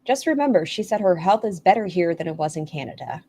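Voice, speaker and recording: A woman's voice: lowish voice, expressive, fast talker, dark tone. A woman hosting a casual commentary stream, making snarky, sarcastic remarks.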